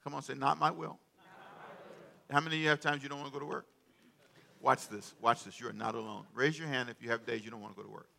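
A man preaching a sermon, calling for responses from the congregation and joking with them between loud, emphatic stretches. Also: medium pitch, steady tone, quick pace, gravelly, long pauses. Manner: humorous asides to the congregation. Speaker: pastor. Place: church sanctuary.

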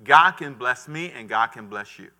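Middle-aged guy preaching a sermon, brassy bright sound, gets the crowd to say it back. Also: mid-range voice, moderate pace. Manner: animated preaching with call-and-response to the congregation. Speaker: pastor.

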